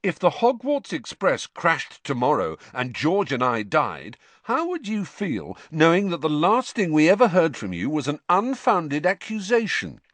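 A man's voice: on the high side, huge pitch swings, unhurried, hardly any pauses, a bit bright, dry recording, pitched above the performer's own voice, heavily acted. A man voicing a cheeky teenage boy who teases his mother with mock hurt. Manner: mock-wounded, teasing.

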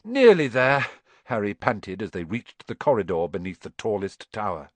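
A man's voice: deep voice, normal speed, no room sound. A man reading a children's story aloud, telling it expressively and acting out the characters. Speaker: audiobook narrator. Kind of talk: scripted narration.

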